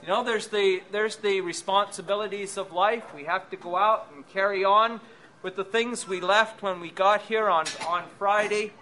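A man preaching a sermon at a conference, gentle, with rhetorical asides to his hearers. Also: high voice, fairly even intonation, moderate pace, a little hiss or hum. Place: conference hall.

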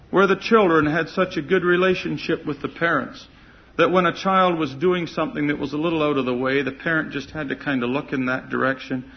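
A fairly high-voiced man delivers a sermon, earnest and emphatic, his voice swelling on the words he wants to land. The recording is muffled and lo-fi. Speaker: preacher.

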